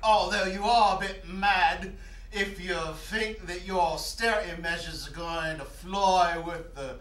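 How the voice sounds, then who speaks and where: In a high, steady, slightly bright voice at a somewhat slow pace, a man brings to life a mounted stag head that slyly scolds a politician with a mock-British manner. The character is male, wry and meddling, and the mic sits far back on an echoey stage.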